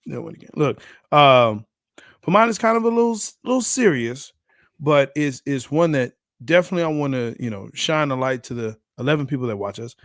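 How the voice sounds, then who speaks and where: A man co-hosting a casual sports podcast, loose and joking, rushing in quick bursts. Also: medium pitch, animated, a bit bright, dry recording, clean studio sound. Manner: loose, laughs easily, rushes in bursts. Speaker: podcast co-host.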